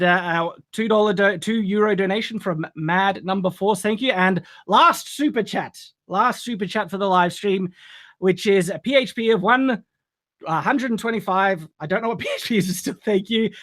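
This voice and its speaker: A man's voice: high-pitched, moderate pace, a bit bright. A man hosting a casual live stream, upbeat and laughing often as he reads out donations.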